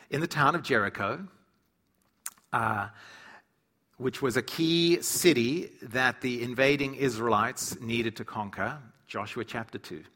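A man teaching Bible stories in a lively, humorous way, acting out the characters' lines as he tells them. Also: medium pitch. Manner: animated storyteller who acts out quotes. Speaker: preacher.

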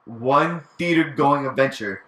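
A man hosting a casual podcast, leading the topic in a relaxed way and swearing now and then. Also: mid-range voice, measured pace, echoey room. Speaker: podcast host. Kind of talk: casual chat.

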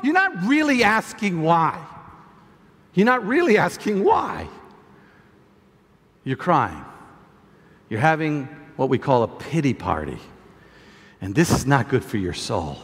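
A male pastor delivers a sermon with a high, lively voice that rises and falls dramatically. He often stumbles and repeats words, and now and then slips into the voice of someone in doubt. The sound carries a long hall reverb. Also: unhurried, long pauses. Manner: animated preaching, acts out voices of doubters; many restarts and repeated words.

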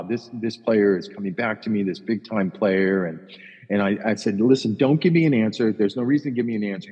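A man's voice: fairly low pitch, a little mellow, slightly rough. A middle-aged man, a podcast co-host and caddie, telling a long rambling story in casual, profane chat, acting out other people's lines. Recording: dull lo-fi sound with long reverb.

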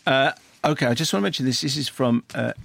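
A man's voice: mid-range voice, fast talker, gravelly, fairly bright tone. A man presenting a radio show, making dry teasing remarks in casual chat.

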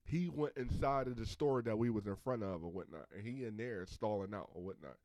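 A man casually telling a story among friends, animated and acting out the other people's lines. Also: on the low side, a little fast, no echo.

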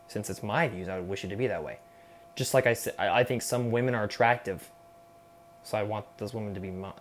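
Medium-pitched and a little mellow, a young man's voice carries a slight hiss or hum. He's hosting a solo podcast in a rambling, profane rant, ending his points with "okay?".

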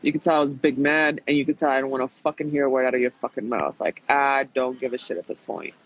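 Fast and slightly rough, a mid-range male voice tells a frustrating reality show story in a casual chat. He's emphatic and profane, animatedly voicing the people he quotes, on a dull lo-fi recording.

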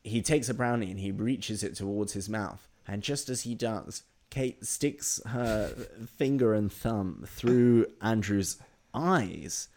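A man's voice: fairly low pitch, slow pace, darkish tone. A man improvising a comic story, rambling, laughing often and restarting his sentences.

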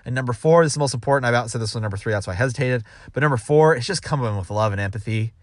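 Male sales manager, casual advice talk, rambling delivery with quoted asides, mid pitch, dry recording. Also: racing, no room sound. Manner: rambling with restarts, acts out quoted dialogue.

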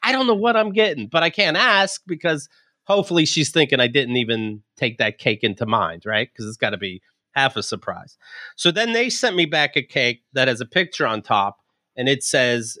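Recorded in a clean studio with no echo, this man speaks at medium pitch and normal speed. He's a podcast co-host spinning a funny story, animated throughout, laughing a lot and voicing the other characters' dialogue.

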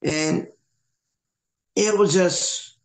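Animated storytelling man, echoey room. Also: high voice, drawn-out words. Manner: animated, swearing, acts out quoted people. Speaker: podcast host. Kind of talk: casual storytelling chat.

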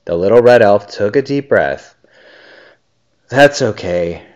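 A man reading a children's story aloud and chatting with his child, a gentle, animated storyteller. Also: lowish voice, normal speed. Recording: dull lo-fi recording.

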